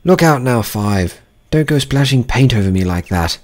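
A man reading an audiobook, voicing a nervous male card gardener who speaks low and hesitant with old-fashioned phrasing. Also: animated, moderate pace, lightly acted. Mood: bossy.

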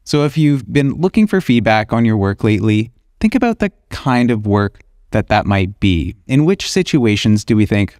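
A man's voice: lowish voice, big pitch swings, moderate pace, few pauses, darkish tone, no room sound, clean studio sound. A man, an illustrator hosting his own podcast, talking through his ideas in a thoughtful, conversational way. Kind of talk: reflective solo podcast talk.

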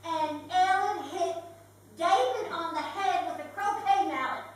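A woman's voice: extremely high pitch, unhurried. An actress playing a homey, rambling older Southern lodge-keeper in a live stage comedy, motherly and folksy. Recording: echoey theater stage from far off.

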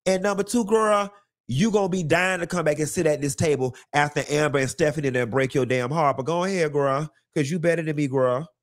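A man's voice: a little high, steady tone, fairly quick. A man speaking with an African American Vernacular English accent, ranting on a live stream in a sassy, profane, unfiltered way, a little tipsy and repeating lines for emphasis. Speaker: host of a live commentary stream. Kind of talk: unfiltered casual rant.

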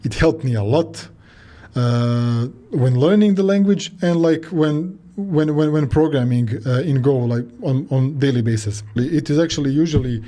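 Warm-toned earnest male video reviewer. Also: on the high side, normal speed. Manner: earnest, repetitive, with frequent fillers and restarts. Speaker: video creator reviewing a book.

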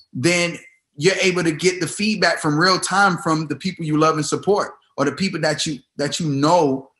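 A man's voice: on the high side, fairly bright tone. A man hosting a casual business talk, giving advice in an emphatic style and repeating himself for emphasis. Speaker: host.

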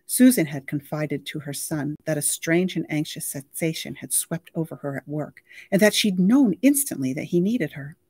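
A woman reading a novel aloud for a library, with steady, clear storytelling. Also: low-pitched, dry recording. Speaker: library reader.

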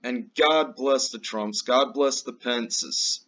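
A man rants through his own political commentary show, swearing freely and leaning hard on each point. He speaks slowly, his voice bright and tense. The recording sounds dull and lo-fi, like a home setup. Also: medium pitch. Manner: ranting, profane, emphatic; slow and drawn out. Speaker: show host.

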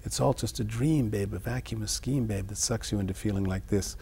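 A man discussing his own song lyrics in an interview, reading lines and then explaining them in a musing, halting way. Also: lowish voice, mellow, slightly rough. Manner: halting, many restarts. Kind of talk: reflective interview talk.

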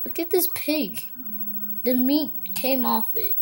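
Woman commentator for a gameplay video, unhurried delivery, giggly and chatty. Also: sits high, creaky, a little mellow, slight background noise. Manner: giggly, chatty, talks to game animals.

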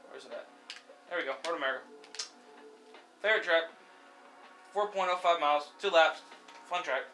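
A young man with a high voice gives loose, excitable commentary over a racing game, cursing and cheering as he drives. Loud game music and engine roar sit under his voice. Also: normal speed. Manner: excitable, swears freely, yells at the race. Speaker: gameplay commentator. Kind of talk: casual let's-play commentary. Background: game music and car engine sounds.

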